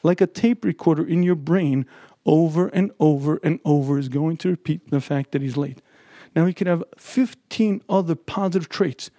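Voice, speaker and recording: A man giving an earnest, emphatic Torah lecture who keeps clearing his throat. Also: on the high side, normal speed, mellow, no room sound. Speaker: religious lecturer.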